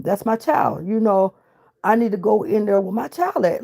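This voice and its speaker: A woman's voice: medium pitch, lively intonation, normal speed, gravelly, darkish tone. A middle-aged woman, telling her own story of loss with emotion and reenacted dialogue. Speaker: grieving mother. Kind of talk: personal storytelling.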